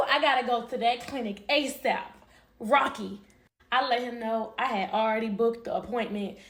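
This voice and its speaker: A woman's voice: on the high side, brisk. A woman telling a personal story in a casual, slangy way, talking straight to her viewers.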